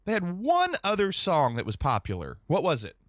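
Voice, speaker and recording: A man's voice: high-pitched, huge pitch swings, moderate pace, a bit bright, dry recording, clean studio sound. A man streamer chatting casually and reacting to viewer alerts on a live stream.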